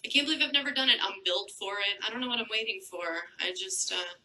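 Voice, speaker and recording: A woman performing a stand-up comedy set on a theater stage with a handheld mic, deadpan with sudden high jumps into quoted voices. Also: fast, rough recording. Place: large theater stage before a live audience.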